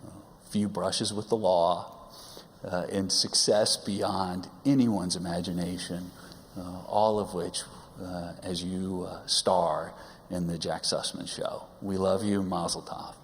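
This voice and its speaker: Low-voiced man teasing his son in an echoing sanctuary. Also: flat delivery. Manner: wry, teasing humor with halting pauses. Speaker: father giving a speech at his son's coming-of-age service. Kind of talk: personal speech at a religious service. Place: large synagogue sanctuary. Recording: long hall reverb.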